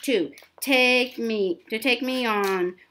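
A woman's voice: on the high side, fairly bright tone, a little hiss or hum. A woman voicing a defiant, mocking teenage boy wizard while reading a story aloud, with frequent stumbles. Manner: halting, repeats words.

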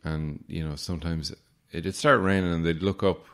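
A man's voice: low voice, steady tone, moderate pace, fairly bright tone. A man in his late twenties or thirties hosting a podcast, telling casual stories with a wry, sarcastic streak. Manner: wry, sarcastic anecdotes with mock-formal asides. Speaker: podcast host. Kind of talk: casual storytelling monologue.

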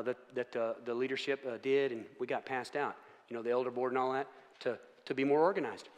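A man's voice: mid-range voice, fairly bright tone. A man preaching a casual, joking sermon, often asking the room for agreement. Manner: chatty, self-mocking, asks the room for agreement. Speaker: pastor. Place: church sanctuary. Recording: long church hall reverb.

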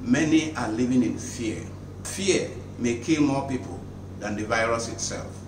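A priest preaching an earnest, encouraging sermon and reading scripture aloud, his phrases often dropping low and soft. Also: a little slow, background noise. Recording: roomy echo, distant from the mic, guitar music behind.

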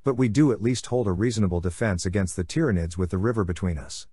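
A man's voice: lowish voice, fast talker, warm tone, slightly rough, no echo. A man reading as a stern inquisitor. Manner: firm and authoritative. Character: stern male inquisitor, commanding.

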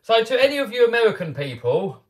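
A man's voice: extremely high pitch, big pitch swings, fast. A man with an English accent, talking casually and upbeat to viewers on a live stream, with lots of restarts and fillers. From England. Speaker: RC car YouTuber hosting a live stream.

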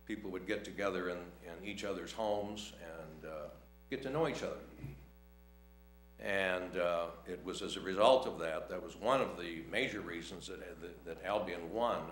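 A man giving halting tribute remarks at a public meeting, full of pauses and fillers. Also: low-pitched. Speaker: speaker at a city council meeting. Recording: echoey chamber.

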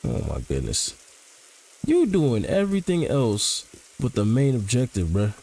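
A man's voice: mid-range voice, wildly swooping pitch, unhurried, warm tone, breathy edge, poor audio. A man casually commentating as he plays a horror game, joking in slang and reacting to what happens. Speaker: gaming channel host.

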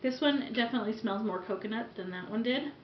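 A woman's voice: a little high, fast talker, slight background noise. Chatty woman on a dull, roomy home camera. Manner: chatty, rambling, giggly asides. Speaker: vlogger reviewing wax melts. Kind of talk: casual product review. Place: room at home. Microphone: camera mic.

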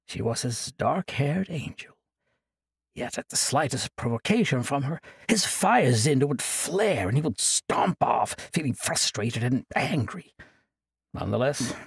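A male narrator reads a fantasy audiobook with dramatic, expressive storytelling. His voice is very raspy with a gravelly fry, and his pitch moves lively through the lines. The sound is close and dry, with no room around it. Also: no echo.

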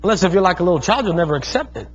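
A pastor in his thirties preaches with fervent energy, calling out to his congregation and telling stories. His high-pitched voice is lively and very fast, heard in a dull, lo-fi sermon recording.

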